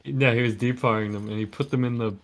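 A man's voice: medium pitch, fairly even intonation, fairly quick. A young man co-hosting a casual late-night podcast over a voice call, joking around, laughing often and swearing casually. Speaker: podcast co-host.

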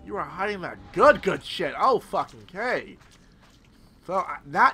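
A young man giving excitable, casual let's-play commentary, with loud outbursts and constant swearing. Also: high-pitched, normal speed, soft background music. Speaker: gameplay streamer.

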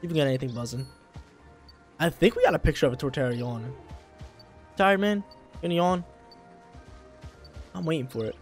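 A young man casually commenting while he plays a video game, laid-back and slangy, with sudden loud bursts of excitement. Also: on the high side, a little fast, long pauses, faint music behind. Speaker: gameplay streamer.

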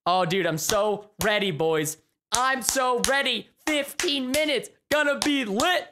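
A young man giving live gameplay commentary as a streamer, excitable and chatty, with bursts of yelling at the game. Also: very high voice, a little slow, noisy background. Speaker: gaming livestreamer.

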